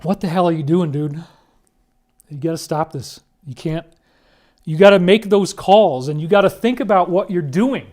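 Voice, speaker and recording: A man's voice: a little high, moderate pace, darkish tone. A man talking through a series of photos in an earnest, emphatic monologue, often addressing listeners directly. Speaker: commentator.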